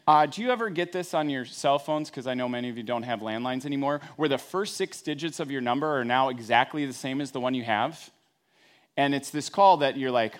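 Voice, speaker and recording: A man's voice: mid-range voice, lively intonation, moderate pace. A man, a pastor, preaching a sermon in a conversational storytelling way with wry everyday asides.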